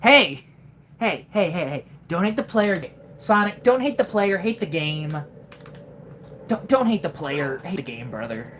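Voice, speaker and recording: A woman's voice: fairly low pitch, sing-song, unhurried, a little hiss or hum. A woman doing a snarky young fox sidekick. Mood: taunting. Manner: mocking, slangy trash talk.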